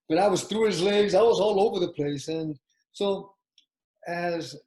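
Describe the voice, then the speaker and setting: A man's voice: high-pitched, unhurried, dark tone, low-quality recording. An older man telling a rambling personal story, full of restarts and acted-out quotes. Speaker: martial arts champion telling his story. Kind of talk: casual spoken reminiscence.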